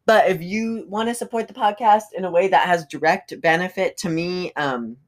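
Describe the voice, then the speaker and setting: A woman's voice: fairly low pitch, moderate pace. A young woman hosting her own podcast, chatting casually and rambling with lots of fillers and asides. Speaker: podcast host. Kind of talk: casual solo podcast chat.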